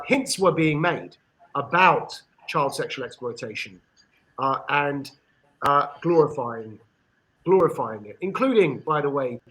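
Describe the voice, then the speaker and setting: English man, earnest and fairly high-voiced. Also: a bit bright, low-quality recording. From England. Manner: earnest, with frequent pauses and restarts. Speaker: podcast panelist. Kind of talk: discussion monologue.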